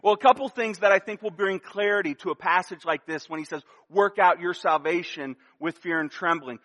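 A high, bright-toned man delivers a sermon from the pulpit. He preaches earnestly, pressing each point and circling back to repeat it. His voice rings out with a long reverb tail in a church hall. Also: brisk. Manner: earnest, emphatic preaching with repeated key phrases. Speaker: pastor.

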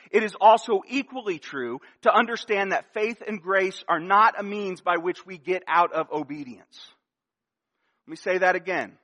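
A man's voice: sits high, bright, forceful tone. A man preaching a sermon as pastor, earnest and emphatic, repeating key phrases for weight, recorded in a church sanctuary. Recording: long hall reverb.

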